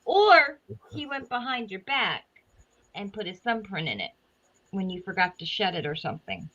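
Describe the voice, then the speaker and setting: A woman's voice: mid-range voice, big pitch swings, moderate pace, a bit bright, lo-fi sound. A woman chatting casually as a guest, talking at length in a rambling way. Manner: rambling, talkative. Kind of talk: casual chat.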